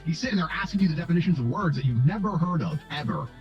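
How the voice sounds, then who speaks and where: Give me a fast-talking, foul-mouthed man in a candid interview, slightly high-voiced, with soft music in the background. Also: animated, dull audio. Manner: brash, blunt, swears freely. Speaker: interviewee in archived clips. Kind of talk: storytelling interview talk.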